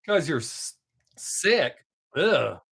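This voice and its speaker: A man's voice: fairly high pitch, very animated, very slow, vocal fry, a bit bright, husky, no room sound, clean studio sound. A man hosting his own live stream, chatting casually with viewers, reading their comments and swearing freely. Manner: profane, laid-back, talks to chat viewers by name.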